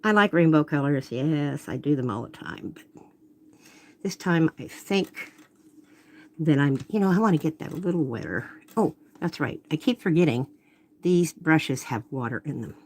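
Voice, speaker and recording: A woman with a low voice and lively intonation hosts a live watercolor demonstration from her home workspace, speaking at a moderate pace. She chats casually while painting, often interrupting herself to apologize or remark on her setup. It's recorded on a phone camera.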